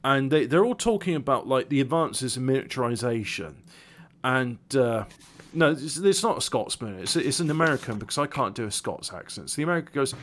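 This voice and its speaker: A man's voice: mid-range voice, expressive, a little fast. A man, co-hosting a podcast, rambling and restarting as he tells jokes. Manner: rambling, restarting joke-teller. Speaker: podcast co-host. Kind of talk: casual banter.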